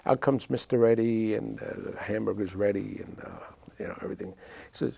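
Older new man, husky gravelly voice, lively storyteller, chatting as a guest. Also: fairly low pitch, brisk, no echo. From New York City. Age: 60s. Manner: animated storyteller who acts out voices. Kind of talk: telling a childhood anecdote.

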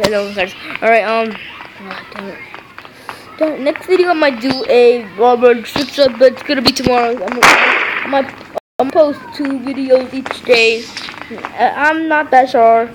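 A woman giving excitable gameplay commentary, often yelling and shrieking at the game. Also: a little high. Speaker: gaming video creator. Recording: noisy recording with mouse clicks.

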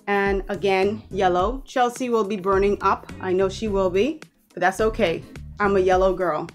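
A woman's voice: medium pitch, fairly even intonation, normal speed, faint music behind. A woman from the Bahamas giving a casual, chatty tour of her bedroom, often stopping to correct herself and teasing playfully. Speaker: vlogger. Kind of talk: casual room tour vlog.

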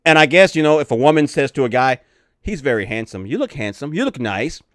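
Profane ranting man, lively swings in pitch. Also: a little fast, no echo, studio quality. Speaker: channel host. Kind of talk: ranting commentary.

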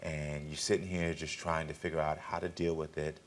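A man hosting a daytime talk show, asking probing but gentle questions. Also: extremely low pitch, level tone, fairly quick, slight background noise.

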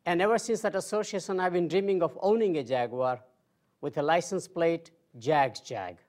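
A man's voice: high voice, fairly quick, a little mellow. A man in his sixties giving a casual, conversational lecture on marketing with self-deprecating humor. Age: 60s. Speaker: marketing professor.

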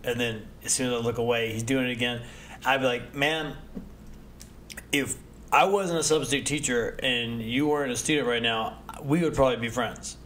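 A young man hosting a podcast, talking in a relaxed, rambling way and laughing often. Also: mid-range voice, moderate pace, a little hiss or hum. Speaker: podcast host. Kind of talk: casual chat.

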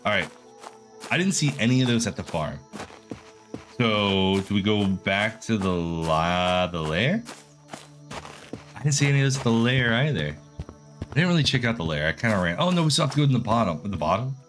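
Casting: excitable male gamer, lively swoops in pitch, mid voice, game music running underneath. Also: moderate pace, long pauses. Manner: animated, jumpy, self-talking with repeated words. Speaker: gaming streamer. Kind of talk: horror game let's play commentary.

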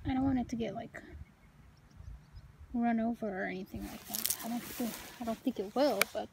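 A chatty woman with a somewhat high voice talks through a casual paranormal vlog, addressing her viewers directly. She is filmed outdoors in a cemetery. The recording carries clear outdoor background noise. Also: moderate pace. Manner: chatty, addresses viewers as you guys and y'all. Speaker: paranormal vlogger.

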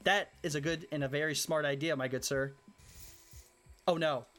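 High-voiced man hyping his gameplay. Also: moderate pace, faint music behind. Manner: animated, swings between low muttering and loud shouts at players. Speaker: gaming YouTuber hosting hide and seek. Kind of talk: excited gameplay commentary.

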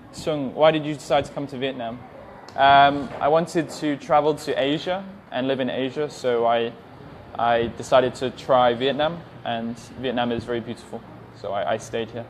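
Man, 20s, English accent, English teacher, live-stream Q&A, hesitant, unhurried, middle pitch. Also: a little hiss or hum. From England. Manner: hesitant, with many ums, speaks slowly and carefully. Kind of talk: live-stream Q&A reading viewer comments. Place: language school.

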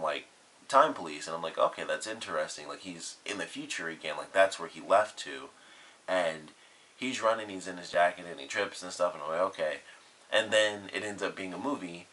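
A man's voice: deep voice, bright, forceful tone, slight background noise. A young man giving a casual, rambling spoken review of a TV episode, full of fillers and restarts. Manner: rambling, filler-heavy, lots of 'like' and restarts.

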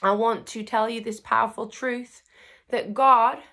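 A woman pastor speaks straight to her listeners in a devotional talk, encouraging and lively as she tells a story. Her voice is bright and forceful, pitched a little high. She leans into quotes and key words with energy. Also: a little slow.

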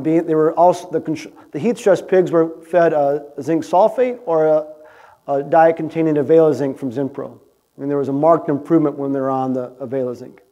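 A man gives a conference talk to a live audience. His voice sits a bit high for a man yet sounds mellow and relaxed. He keeps it conversational, often tossing "right?" to the room. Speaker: animal science researcher presenting. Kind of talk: conference lecture.

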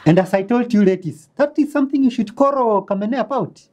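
A woman with a Kenyan accent playing a blunt, fed-up female college student, with a husky voice. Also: on the high side, fairly quick, noisy background, natural voice. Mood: scolding. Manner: blunt, scolding. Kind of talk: web series acting.

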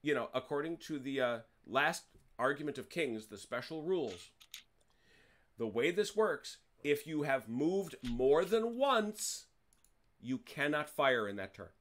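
An unhurried, very animated man with a higher, fairly bright voice walks his players through a tabletop wargame's rules. The explanation is casual and chatty, full of mid-sentence self-corrections and wry asides.

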